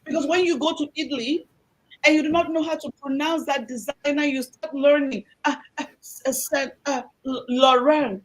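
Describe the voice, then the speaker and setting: A woman hosting a talk show, speaking in an animated, exhortative way to her audience. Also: high-pitched, normal speed, rough recording. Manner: animated and exhortative, acting out quoted voices. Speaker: host.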